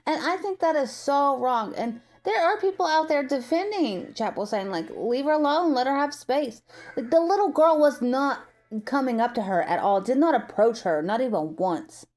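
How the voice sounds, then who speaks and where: A woman's voice: sits high, animated, moderate pace, a little mellow. A woman from the United States giving a rambling, opinionated commentary in a casual vlog, full of filler words. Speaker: vlogger.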